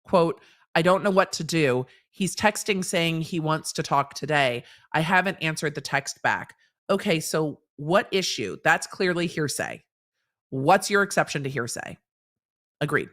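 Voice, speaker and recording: A woman's voice: low voice, animated, unhurried, fairly bright tone. Blunt, sarcastic woman lawyer host. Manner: sarcastic, blunt, lecturing with everyday examples; swears casually. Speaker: lawyer commentator and show host. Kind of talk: reading court transcripts aloud with live commentary.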